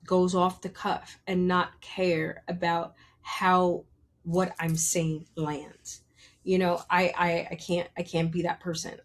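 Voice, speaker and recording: A woman guesting on a podcast, telling candid stories about herself in a blunt, profane, playful way and acting out quoted people with big jumps in her voice. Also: mid-range voice. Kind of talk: candid conversational storytelling.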